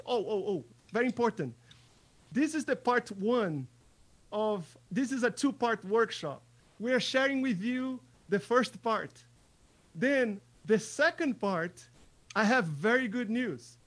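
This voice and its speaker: A man teaching an online percussion workshop, chatty, repeating words as he talks, and counting in loudly over a practice track. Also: sits high.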